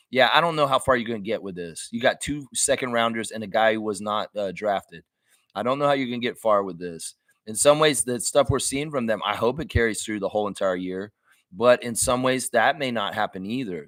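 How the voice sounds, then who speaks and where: A man hosting a live basketball fan stream, reading out viewer comments in a chatty, animated way. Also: medium pitch, dry recording. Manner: chatty and animated, gets loud and excited at friends' shout-outs.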